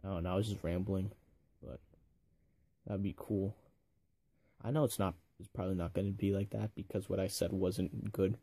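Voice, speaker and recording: A man's voice: sits low, fairly even intonation, normal speed, pauses often, mellow, breathy edge. A young man giving a casual, rambling video review, full of fillers and enthusiasm.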